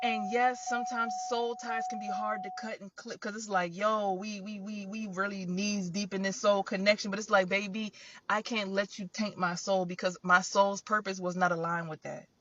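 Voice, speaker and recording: A woman's voice: mid-range voice, flat delivery, moderate pace, sharp tone, highs cut off. A young woman, delivering an emotional, profane, preachy rant straight to camera. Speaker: content creator.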